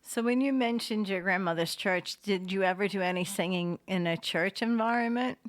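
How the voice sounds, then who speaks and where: A woman's voice: medium pitch, moderate pace, dry recording. Enthusiastic woman host interviewing. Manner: enthusiastic, frequent "wow". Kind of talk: casual interview.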